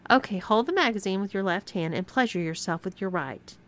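A woman's voice: mid-range voice, animated, brisk, fairly bright tone, natural voice. A woman voicing a bossy young woman who mocks and gives orders, with a teasing, commanding manner.

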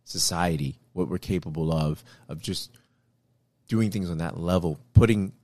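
A man in casual chat, telling a story with lively acted-out quotes and lots of repeated words. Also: low-pitched, normal speed, dry recording. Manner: animated storytelling, acts out quotes; repeats words, frequent fillers.

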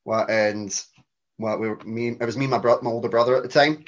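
A man's voice: medium pitch, fairly even intonation, quick pace, lo-fi sound. A Glaswegian man in his thirties, a podcast guest telling rambling, self-mocking stories in casual chat. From Scotland.

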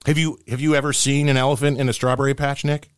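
A man's voice: medium pitch, little pitch movement, fast, smooth, no echo, clean studio sound. A middle-aged man co-hosting a podcast, rambling and poking fun at himself as he tells dad jokes. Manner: rambling, self-mocking joke teller. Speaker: podcast co-host. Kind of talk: casual podcast chat, telling dad jokes.

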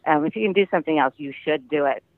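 A man's voice: on the high side, very fast, vocal fry, no room sound. Older man talking over a tinny phone line. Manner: chatty storyteller, laughs often. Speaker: guest actor. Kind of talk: casual interview over the phone.

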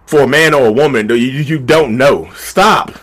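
A man's voice: mid-range voice, normal speed, fairly bright tone. A man giving blunt, profane relationship advice in a casual vlog monologue recorded in a backyard shed. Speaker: vlogger.

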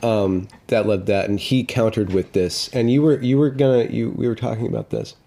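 Casting: low, mellow-toned man in a playful home livestream chat. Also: steady tone, moderate pace, gravelly. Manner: playful, joking, trails off and restarts. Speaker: guest. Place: kitchen table at home.

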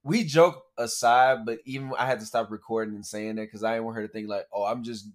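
A man's voice: on the low side, steady tone, fast. A young man co-hosting a podcast, chatting casually and playfully, teasing and acting out other people's voices in his stories. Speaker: podcast co-host. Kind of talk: casual chat, animated storytelling.

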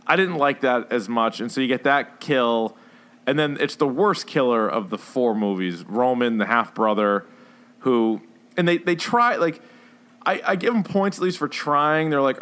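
A man co-hosting a podcast, chatting casually about films in a rambling way, full of fillers and animated retellings. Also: medium pitch, moderate pace, clean tone. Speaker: podcast co-host. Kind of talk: casual chat reviewing films.

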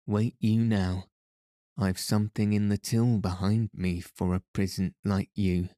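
A jovial old Irish peddler with a sly, teasing brogue, as a man puts him on. He has a mellow voice and takes his time, unhurried and unforced, in a dry, close recording of a storybook reading. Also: lowish voice, little pitch movement, dry recording, natural voice.

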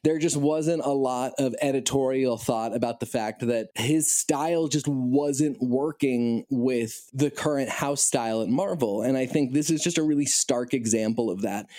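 A man speaks in a relaxed, mellow tone with a mid-range voice. He talks casually and at length as a podcast co-host, thinking aloud with plenty of "like" fillers. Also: mid-range voice, moderate pace, few pauses. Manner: discursive, frequent "like" fillers. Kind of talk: casual chat.

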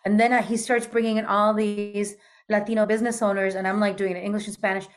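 A woman's voice: mid-range voice, fast. Chatty woman in her fifties telling a story. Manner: animated, chatty, fillers. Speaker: guest. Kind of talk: storytelling in conversation.

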